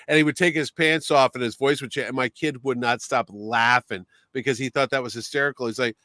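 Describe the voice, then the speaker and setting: A middle-aged man hosting a casual chat show, animated, breaking into impressions and swearing. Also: medium pitch, a little fast, hardly any pauses, no echo, clean studio sound. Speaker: podcast host.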